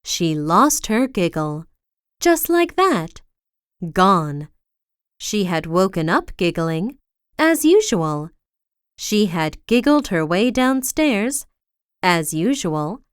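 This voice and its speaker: Woman storyteller, children's storybook read-aloud, slow, very expressive, smooth dry close sound. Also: medium pitch, no room sound. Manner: slow, expressive reading with big swings for effect.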